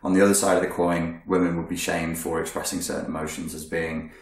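A man's voice: low voice, level tone, fast. A man coaching listeners on their emotions in a blunt, profane, emphatic self-help monologue. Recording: very echoey room.

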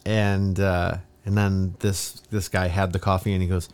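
A man's voice: low voice, flat delivery, measured pace, a little mellow, clean tone. A man co-hosting a casual coffee review chat, rambling and often breaking off to laugh. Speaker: podcast co-host reviewing coffee.

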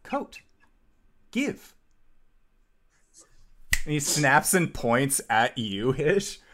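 A man narrating a tabletop game as game master, describing each scene in a lively way. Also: medium pitch, slow pace, a little hiss or hum.

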